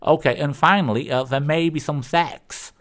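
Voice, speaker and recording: A chummy backwoods neighbour, as a man puts him on in a raised, bouncy voice and a rough North American accent. He talks hearty and cheerful, like a guy inviting everyone round. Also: fairly high pitch, moderate pace, a bit bright, pitched above the performer's own voice, natural voice. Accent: put-on North American. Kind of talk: telling a joke on radio.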